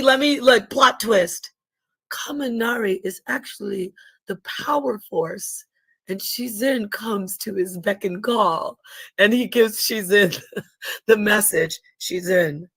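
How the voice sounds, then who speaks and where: A woman's voice: a little high, fairly bright tone, low-quality recording. A woman hosting a livestream in casual chat, rambling, correcting herself mid-sentence and laughing often. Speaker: livestream host. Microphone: livestream mic.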